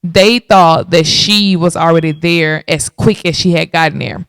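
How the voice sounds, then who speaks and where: A lively woman in her late thirties tells a personal story on her podcast and keeps turning to her listeners with "y'all." Her voice is smooth and clear. The sound is dry and close, with no room around it. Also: fairly low pitch, measured pace, no room sound. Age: 30s. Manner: animated, talks straight to listeners with y'all. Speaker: podcast host.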